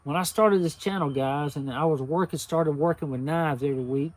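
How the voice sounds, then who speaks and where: In a dry recording, an older man with a fairly high voice speaks briskly to the viewers of his knife channel. His casual talk is heartfelt, humble and emotional, with frequent repetition.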